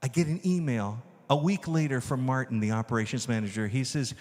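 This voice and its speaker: A man, a filmmaker, telling animated stories to an audience and acting out the dialogue. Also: mid-range voice, brisk, long reverb tail. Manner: enthusiastic, acts out dialogue. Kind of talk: animated storytelling talk.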